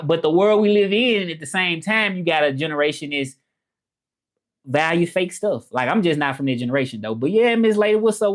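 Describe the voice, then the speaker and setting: A man in his thirties from Memphis with a Memphis Southern accent, chatting casually with viewers on a livestream in a laid-back, rambling way. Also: on the high side. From Memphis, Tennessee. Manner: laid-back, rambling, frequent fillers and "you know what I'm saying". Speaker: livestream host.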